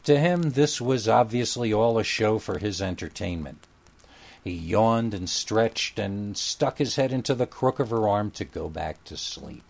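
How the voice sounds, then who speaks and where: Man telling a wry first-person story. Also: on the low side.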